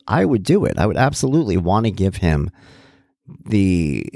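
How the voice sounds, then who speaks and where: Lively low-voiced man talking. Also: brisk, vocal fry, no room sound, studio quality. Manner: conversational, animated, many asides and restarts. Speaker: podcast host, parent. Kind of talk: solo reflective talk.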